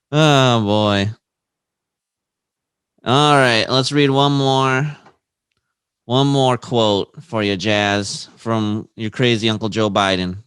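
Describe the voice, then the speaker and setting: A man's voice: mid-range voice, extremely slow, pauses often, a bit bright, clean tone, no room sound. Man co-hosting a casual podcast. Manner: laughs between reading quotes aloud. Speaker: podcast co-host.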